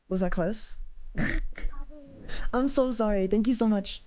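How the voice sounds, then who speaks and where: A woman's voice: mid-range voice, a little slow, long pauses, a little mellow. A woman streaming live, talking casually to her chat in a rambling way, often repeating herself and swearing.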